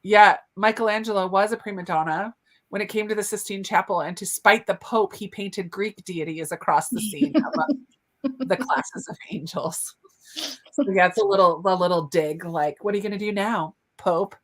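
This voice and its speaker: A woman's voice: medium pitch, normal speed. Joking woman co-host of a book chat. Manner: relaxed, joking, sarcastic asides. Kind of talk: casual live book chat.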